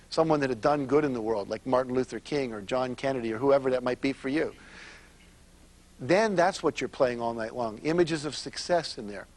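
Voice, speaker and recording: Motivational speaker, middle-aged man, fairly high voice, storytelling to a seminar crowd. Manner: storytelling, asks the audience questions. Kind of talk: live seminar talk.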